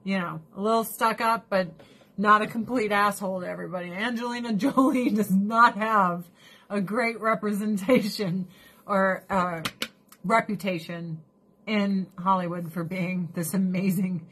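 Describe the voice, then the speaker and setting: A woman's voice: mid-range voice, steady tone, normal speed, a bit bright, slight background noise. A middle-aged woman streamer chatting casually with her viewers, blunt and profane, ranting with animation.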